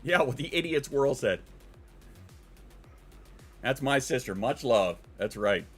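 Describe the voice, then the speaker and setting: A man's voice: mid-range voice, animated, unhurried, husky, soft background music. A man hosting a casual livestream, rambling and joking with plenty of profanity. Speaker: livestream host.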